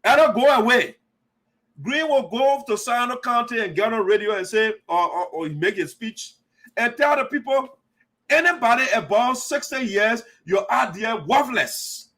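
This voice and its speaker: A man's voice: extremely high pitch, expressive, normal speed, a bit bright. A man hosting an online radio show, giving heated, repetitive political commentary and calling the listener "my brother.". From Liberia.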